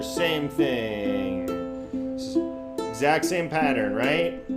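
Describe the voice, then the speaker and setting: A man's voice: fairly high pitch, expressive, measured pace, over loud music. A man teaching an online ukulele class, counting out finger-picking patterns as he plays. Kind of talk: online group music lesson. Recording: ukulele playing under the voice.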